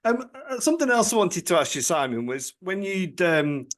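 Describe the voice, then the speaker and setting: A man's voice: high voice, very animated, moderate pace, a bit bright. A man hosting a podcast, asking friendly, teasing interview questions. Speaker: podcast host, priest. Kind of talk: casual interview.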